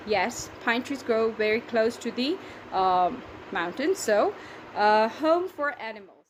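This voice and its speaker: A woman teacher giving a patient classroom lesson, repeating words slowly as she counts syllables. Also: fairly high pitch, animated, a little hiss or hum.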